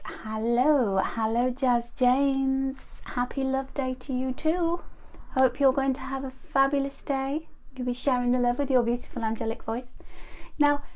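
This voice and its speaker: Chatty woman in her fifties. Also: high-pitched. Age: 50s. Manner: chatty, greets viewers by name. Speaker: card reader. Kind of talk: live-stream card reading.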